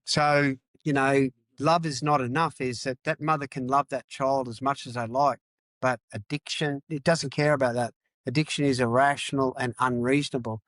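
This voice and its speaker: A man's voice: mid-range voice, steady tone, normal speed, a bit bright, no room sound. Middle-aged aussie-born guy, blunt and emphatic, keeps repeating himself, dry close sound. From Australia. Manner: emphatic, repeats phrases, swears. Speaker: podcast guest. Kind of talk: candid interview talk.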